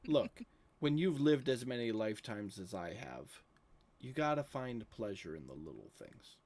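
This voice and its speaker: Snide, self-satisfied ancient being, as a game master puts him on; loud and teasing, drawn-out sneers. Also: male voice, mid-range voice, big pitch swings. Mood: smug.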